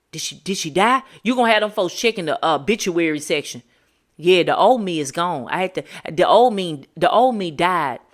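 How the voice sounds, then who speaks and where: A woman hosting a podcast, giving a motivational monologue in a preachy, emphatic, slangy way. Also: lowish voice. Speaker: podcast host.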